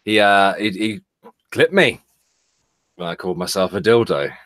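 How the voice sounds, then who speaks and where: A man with a London accent co-hosts a casual live stream, his low voice recorded close and dry. He answers chat with dry, teasing remarks and rambling stories. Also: lively intonation, normal speed, a bit bright, no echo. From England. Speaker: co-host of a live stream show.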